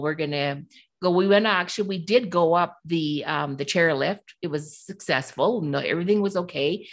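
Middle-aged woman co-host, animated storyteller, lowish voice. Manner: animated, acts out quoted voices. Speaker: podcast co-host. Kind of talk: casual storytelling.

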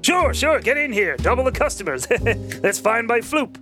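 A man voicing a grubby, scheming male alien bartender, gruff and wheedling, with guitar music behind him. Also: very high-pitched, sing-song, normal speed, pitched above the performer's own voice.

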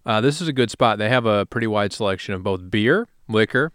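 A young man from Wisconsin co-hosting a podcast, telling stories in a relaxed, chuckling way. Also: lowish voice, brisk, clear, resonant tone, no echo, clean studio sound. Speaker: podcast co-host. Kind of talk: casual podcast chat.

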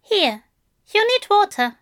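A woman voicing a soft-spoken, doting male angel who is fussy and controlling, in a gentle, coaxing and prim manner. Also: very high voice, sing-song, slow, dry recording, studio quality, pitched above the performer's own voice, full character voice. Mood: insistent. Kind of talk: audiobook character voice.

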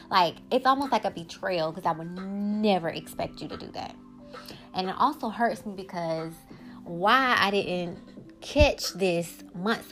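A woman, hosting her own podcast in a casual monologue that turns heated as she vents. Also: medium pitch. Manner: animated, rising to heated venting. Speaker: podcast host.

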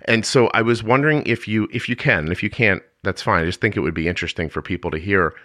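Deep-voiced male podcast host, bright tone. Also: fast, no echo, studio quality. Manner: earnest, searching questions with many restarts. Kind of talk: conversational interview.

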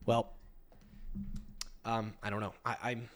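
A man's voice: lowish voice, little pitch movement, slow pace. A young man hosting a podcast, riffing casually with crude profanity and rambling restarts. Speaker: podcast host.

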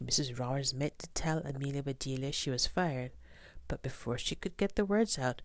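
A woman reading a children's storybook aloud, gentle and expressive. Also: very deep voice, dry recording.

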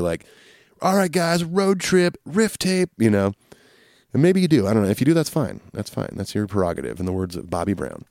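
A man with a lowish, smooth, resonant voice hosts a podcast and works through listener questions. He talks in an easygoing, rambling way, with plenty of "um"s and restarts. The sound is dry and close. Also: a little mellow, no room sound. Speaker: podcast host. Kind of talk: casual chat answering listener questions.

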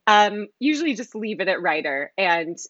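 A woman's voice: mid-range voice, sing-song, normal speed, fairly bright tone, no room sound, lo-fi sound. A woman who is a writer and artist, a podcast guest who talks reflectively and laughs easily. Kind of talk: casual podcast chat.

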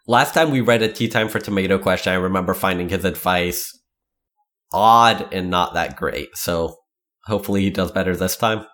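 A man's voice: low-pitched, moderate pace, a bit bright. A man co-hosting a casual podcast, dry and laid-back. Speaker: podcast co-host and producer.

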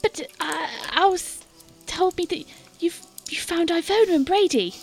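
A woman voicing a kindly, flour-dusted village baker who speaks softly and hesitantly. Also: very high voice, measured pace, gravelly, faint music behind, voice pushed up, exaggerated voice. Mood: hopeful. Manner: soft, hesitant, motherly.

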